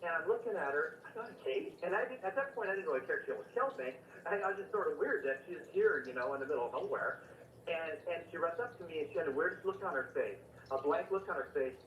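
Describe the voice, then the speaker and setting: A man calling in to a radio show, rambling through his story and stumbling over repeated words. His voice sits a little high. It comes through dull and distant, with an echoey ring. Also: expressive, fast, fairly bright tone. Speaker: caller. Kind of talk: phone-in storytelling.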